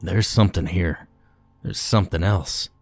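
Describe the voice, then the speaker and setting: A man doing a huge marine with a booming deep voice. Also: steady tone, breathy edge, no room sound, soft background music. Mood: uneasy. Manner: slow, deep and uneasy.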